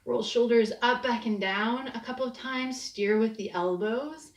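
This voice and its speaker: A woman teaching a short yoga break, talking students through each move with gentle, soothing cues. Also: on the high side, measured pace. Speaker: yoga instructor. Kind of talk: guided yoga class. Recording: echoey room, distant mic.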